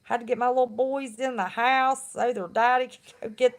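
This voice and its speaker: A woman's voice: a little high, a little fast, few pauses. A middle-aged woman, chatting casually and bluntly on her live stream and laughing often. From West Virginia.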